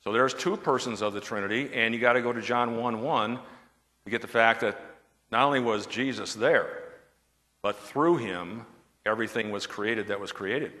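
Bright-voiced pastor teaching a bible study. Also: male voice, medium pitch, normal speed, big-room sound. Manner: asks the audience questions, checks with "okay?".

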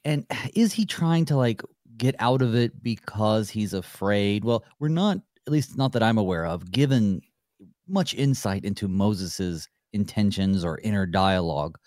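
A man hosting a Bible study discussion, reading scripture aloud in a measured, reflective way. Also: on the low side, lively intonation, a little mellow, dry recording, clean studio sound. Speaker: host.

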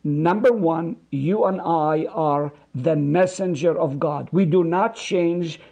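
Middle-aged pastor guy teaching the bible, slow and earnest, kinda husky gravelly voice, repeats lines to drive them home. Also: on the high side, warm tone. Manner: earnest, preacherly, repeats phrases for emphasis; explains Hebrew words slowly, drawing them out. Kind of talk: radio Bible study teaching.

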